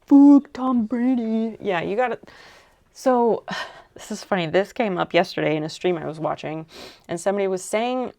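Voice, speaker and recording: A young adult woman streaming while she crafts, chatting casually and rambling softly as she thinks aloud. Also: fairly low pitch, fast, gravelly.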